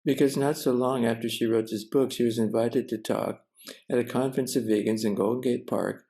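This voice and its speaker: Older american guy, gravelly dark voice, halting rambling story over a video call. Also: medium pitch, steady tone, rough recording. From United States. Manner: halting, many restarts and pauses. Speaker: Zen teacher and cook. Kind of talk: casual storytelling.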